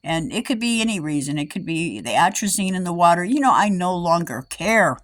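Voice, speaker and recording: A woman's voice: lowish voice, lively intonation, fairly quick, no room sound. A woman ranting in an indignant, sarcastic, rambling way as she vlogs about her own experience. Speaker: vlogger. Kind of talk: angry personal rant.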